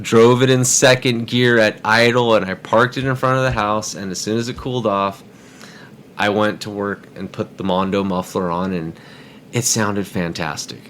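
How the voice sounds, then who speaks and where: A man's voice: lowish voice, fairly even intonation, moderate pace, a bit bright, slight background noise. Rambling man telling a car story. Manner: rambling, with stammered repeats. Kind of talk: casual storytelling.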